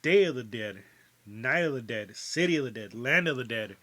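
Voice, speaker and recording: A podcast co-host chats casually, his mid-range voice expressive and sharp at a normal pace. He rambles, restarts, fills gaps with filler words, and swears freely.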